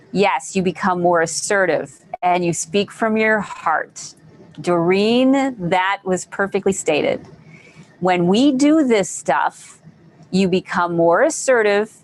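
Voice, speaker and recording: A woman's voice: medium pitch, slight background noise. Enthusiastic woman hosting a live stream. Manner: enthusiastic, encouraging, repeats phrases. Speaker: host of a live online group session. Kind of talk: casual live-stream talk.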